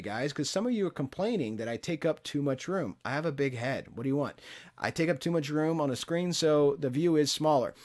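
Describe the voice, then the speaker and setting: A middle-aged man hosting a market analysis show, talking viewers through trading charts in a chatty way with joking asides. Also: a little high. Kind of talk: casual trading chart commentary.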